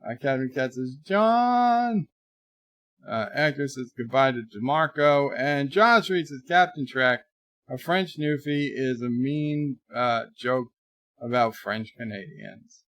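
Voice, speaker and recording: Gravelly chat-reading stream host. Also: male voice, medium pitch, measured pace, no room sound. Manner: chatty, rambling, trails off quietly.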